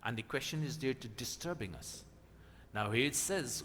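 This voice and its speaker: A man's voice: mid-range voice, animated, normal speed, fairly bright tone. A man teaching at a satsang, earnestly explaining Sanskrit verses and asking emphatic rising questions. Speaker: spiritual teacher. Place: gathering hall at a weekly satsang. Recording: reverberant hall with faint background noise.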